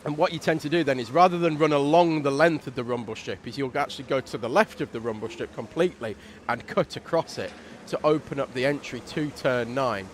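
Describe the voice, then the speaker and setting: A man doing relaxed, chatty commentary on a live race stream, explaining things at length. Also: medium pitch, a little fast, few pauses, slight background noise.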